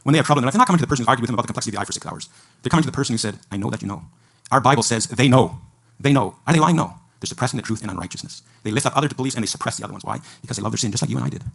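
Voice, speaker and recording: A man giving a fervent debate speech to an audience at a live event, preaching in rapid-fire bursts. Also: medium pitch, gravelly, a bit bright.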